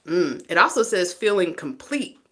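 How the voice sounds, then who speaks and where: A woman's voice: on the low side, big pitch swings, normal speed, a bit bright. A woman reading tarot live, chatty and teasing, often laughing between cards. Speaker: tarot reader.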